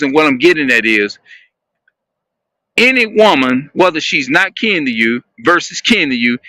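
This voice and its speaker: A man talking to his viewers in a rambling, halting monologue, often repeating and restarting his phrases. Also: fairly high pitch, bright, forceful tone, dry recording.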